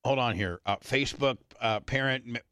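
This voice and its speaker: A man's voice: mid-range voice, moderate pace, bright, forceful tone, clean tone, dry recording, studio quality. A middle-aged man on a podcast, telling a crude story in a rambling way, full of restarts. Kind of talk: casual chat.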